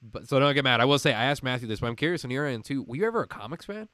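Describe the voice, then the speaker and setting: A man hosting a podcast, talking in a rambling, animated way with a faint Midwestern American accent over a video call. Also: mid-range voice, rapid-fire. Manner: animated, rambling, laughs often. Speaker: podcast host and voice actor. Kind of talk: casual chat.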